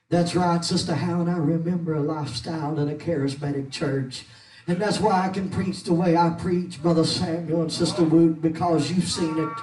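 Man, pastor, high voice, shouting holiness sermon, short-winded, echoey church from a distance. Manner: shouting, rhythmic preaching with rising pitch. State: short of breath. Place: church sanctuary.

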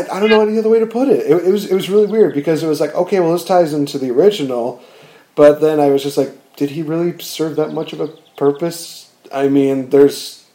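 A man chatting casually about movies, rambling and animated, with frequent fillers and restarts. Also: on the high side.

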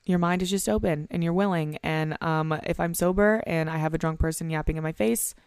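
A woman's voice: sits low, steady tone, a little fast, a little mellow, smooth, dry recording, studio quality. A young woman in her twenties talking alone on her podcast, rambling and candid, swearing freely and peppering her talk with "like" while anxious and hungover. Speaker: podcast host. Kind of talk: solo podcast monologue.

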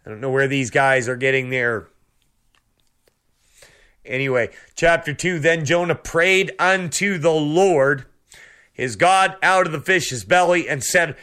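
Bright-voiced fervent male preacher. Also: a little high, measured pace, clear, resonant tone. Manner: fervent, peppered with amens and praise the lords. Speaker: radio preacher. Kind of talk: sermon.

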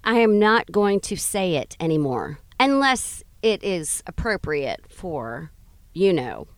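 A middle-aged woman co-hosts a radio show in a casual, teasing way. Her voice sits a little low but moves lively through its range. The sound is close and dry, with no room around it. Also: no room sound. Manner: playful, quick to laugh, animated. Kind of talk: casual banter. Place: mobile studio in a vehicle.

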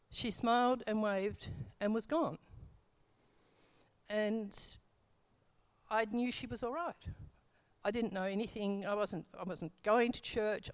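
A middle-aged woman telling her church testimony in a casual, rambling way, full of fillers and self-corrections. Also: medium pitch.

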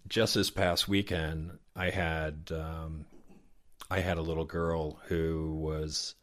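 Middle-aged southern guy, real low voice, tells stories and does the kids' lines. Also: little pitch movement, takes it slowly. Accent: Southern American. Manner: warm, anecdotal, acts out children's words. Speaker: professional Santa Claus. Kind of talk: interview storytelling.

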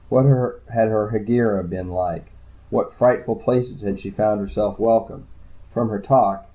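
A man narrating a first-person story in a dry, wry way. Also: on the low side. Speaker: audiobook narrator. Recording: tinny phone-like sound.

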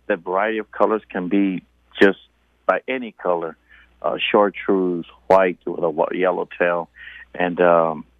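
A man's voice: low voice, steady tone, measured pace, no room sound. Male fishing guide phoning in, hesitant delivery, tinny phone line. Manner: hesitant, many filler sounds. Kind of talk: phone interview. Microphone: telephone.

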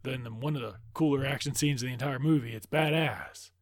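A man loosely retelling a film plot in a casual, profane ramble. His voice sits at an ordinary middle pitch. The sound is dry and close, with no room around it. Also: brisk, dry recording. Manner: loose, rambling, swears freely. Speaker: movie recap host. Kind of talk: casual profane movie recap.

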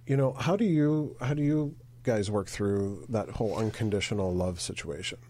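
A man hosting a podcast interview, asking questions haltingly with many fillers. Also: lowish voice, mellow, dry recording. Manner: halting, many "um" and "you know". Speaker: podcast host.

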